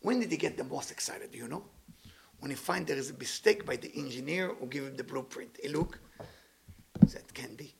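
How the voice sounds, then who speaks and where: A man giving a motivational spiritual talk in English with dropped words, playful and animated, stacking words in long repeated lists. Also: mid-range voice, a little fast, gravelly, background noise. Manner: speaks non-native English with dropped words.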